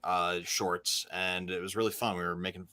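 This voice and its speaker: A man co-hosting a casual comic livestream, joking and excitable, swearing freely. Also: low-pitched, moderate pace, no echo. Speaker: comic podcast co-host.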